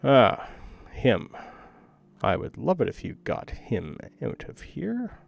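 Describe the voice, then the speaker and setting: A man voicing a stern, fastidious old male dwarf butler with a deep voice, curt and wary of his guests. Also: wildly swooping pitch, gravelly, a little hiss or hum, heavily acted. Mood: weary.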